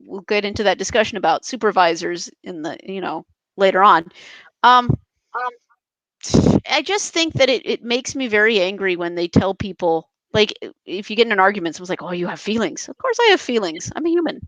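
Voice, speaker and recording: A woman's voice: mid-range voice, a bit bright, dry recording, poor audio. A young adult woman speaking passionately and emphatically as a podcast guest, with frequent restarts. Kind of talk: casual interview chat.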